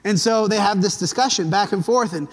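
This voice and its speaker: High-voiced man teaching scripture casually. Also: a little fast, breathy edge, big-room sound. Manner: conversational storytelling, acts out quotes. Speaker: Bible study teacher.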